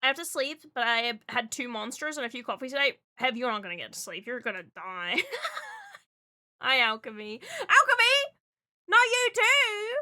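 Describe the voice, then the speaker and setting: A woman streamer chatting casually and reading out chat, excitable and loud, swearing often. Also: a little high, moderate pace. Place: Brisbane.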